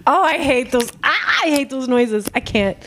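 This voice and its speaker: A woman's voice: high-pitched, normal speed, fairly bright tone, a little hiss or hum. Young female podcast host, blunt and giggly, reading Q and A in casual chat. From Arab family. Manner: blunt, laughing, reads fan questions aloud.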